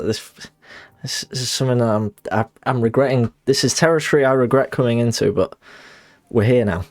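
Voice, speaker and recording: Faint music sits behind a dry, close-miked young man streaming a game. His voice is lowish and darkish as he chats in a rambling, apologetic, self-conscious manner, slipping in giggly asides.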